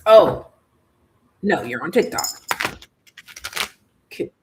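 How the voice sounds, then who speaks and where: A tarot reader giving a casual live-stream reading, chatty and slangy, thinking aloud and swinging between hushed asides and loud exclamations. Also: medium pitch, very animated, takes it slowly, background noise.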